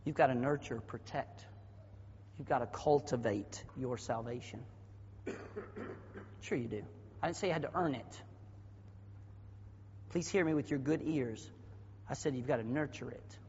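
A man from the American South with a Southern accent, preaching a sermon as pastor with a husky voice, dropping to quiet asides and then bursting into loud shouted passages. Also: medium pitch, normal speed, long pauses, a little hiss or hum. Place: church sanctuary. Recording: dull audio with long hall reverb.

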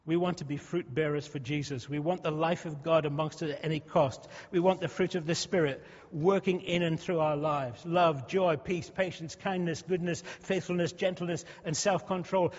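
A man's voice: on the high side, moderate pace, a little mellow. A male pastor preaching a sermon in a conversational way, often restarting and repeating words. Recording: muffled sound with long hall reverb.

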